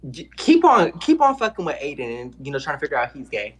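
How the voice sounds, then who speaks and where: A woman's voice: low voice, wildly swooping pitch, fast talker, a crowd in the background. A woman in her twenties joining a stream, talking in a sassy, playful and brash way. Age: 20s. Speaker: guest. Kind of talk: casual stream chat.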